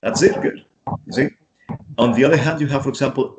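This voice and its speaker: A man's voice: mid-range voice, heavy background noise. A man from Chile, an English teacher patiently modelling vowel sounds and checking in with his student. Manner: patient, repeats sounds slowly, keeps checking with "right?". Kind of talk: pronunciation lesson.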